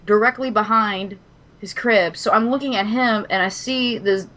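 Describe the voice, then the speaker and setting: A woman from Kentucky, co-hosting a podcast, telling a story in casual chat, animated and dramatic, swearing freely. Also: medium pitch, normal speed. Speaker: podcast co-host.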